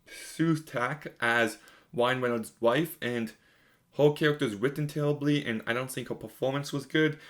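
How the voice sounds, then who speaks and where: A young man talks through a film review in a casual, unscripted way, frank and openly exasperated. His voice sits at an ordinary middle pitch, and he leans on fillers as he goes. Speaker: movie reviewer.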